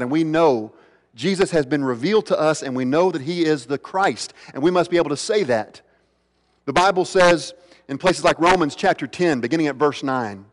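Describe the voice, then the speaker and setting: Earnest male pastor preaching in a reverberant hall. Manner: earnest preaching, slowing and dropping low on quoted questions. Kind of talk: sermon. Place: church sanctuary. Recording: long reverb of a large hall.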